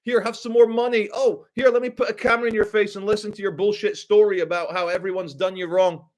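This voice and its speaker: A man doing a naive, gushing do-gooder, pitched far above his normal voice. Every line drips with sarcasm and simpering sweetness. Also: steady tone, fast talker, close to an everyday voice. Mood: sarcastic gushing.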